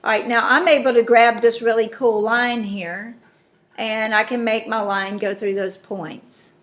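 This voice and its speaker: A woman's voice: a little high, fairly even intonation, measured pace, a bit bright. A woman teaching a math class, walking through steps and checking in with her students. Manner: explains step by step, checks in with students. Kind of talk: classroom lesson.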